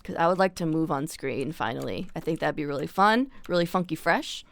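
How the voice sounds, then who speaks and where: A woman's voice: low-pitched, lively intonation, a little fast, vocal fry, dry recording. Rambling young woman streamer, dry close sound. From Canada. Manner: chatty, rambling, swears casually, frequent "like" and "bro". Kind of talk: casual live-stream chat.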